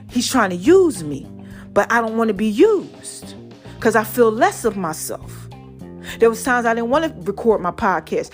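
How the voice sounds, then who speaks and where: High-voiced woman preaching uplift on a podcast. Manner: preachy, playful, repeats catchphrases. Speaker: podcast host. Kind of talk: motivational solo podcast talk.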